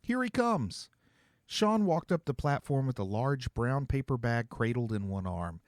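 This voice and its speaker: A man's voice: mid-range voice, normal speed, no echo, clean studio sound. Man narrating his own novel. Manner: expressive storytelling, voicing several characters. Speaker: author and narrator. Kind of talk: scripted narration.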